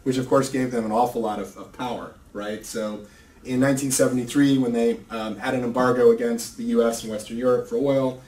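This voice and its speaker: A man's voice: medium pitch, steady tone, brisk, few pauses, darkish tone. A man giving an unscripted talk at a conference, loose and full of ums and uhs. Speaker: energy market analyst presenter. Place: conference room. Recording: roomy, distant, faint noise.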